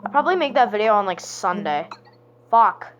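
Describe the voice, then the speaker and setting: A young woman playing a game and chatting casually to her viewers, playful, sometimes singing with deliberate voice cracks. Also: mid-range voice, sing-song, a bit bright, highs cut off. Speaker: gaming vlogger. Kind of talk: casual gaming commentary.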